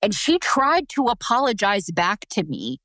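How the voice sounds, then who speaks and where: A woman's voice: medium pitch, big pitch swings, a little slow, a bit bright, dry recording. A woman hosting a podcast who tells a personal parenting story in an open, emotional and informal way, swearing now and then. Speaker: podcast host.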